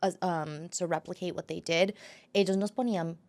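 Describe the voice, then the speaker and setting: A woman's voice: lowish voice, steady tone, brisk, darkish tone. A young woman from Colombia, chatting on a podcast and switching freely between English and Spanish as she talks. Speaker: podcast guest. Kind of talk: casual podcast conversation.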